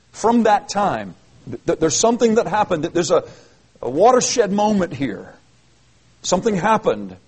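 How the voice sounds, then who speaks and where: A man's voice: sits high, darkish tone, husky, poor audio. A man preaching an expository sermon, reading verses aloud and explaining them earnestly with emphatic, repeated phrases. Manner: earnest, emphatic, with frequent restarts. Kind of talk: expository Bible teaching.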